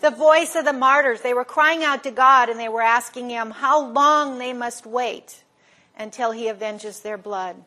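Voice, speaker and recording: A woman teaching a Bible study, retelling the story in a lively way and posing questions to the class that she then answers herself. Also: on the high side, a little slow.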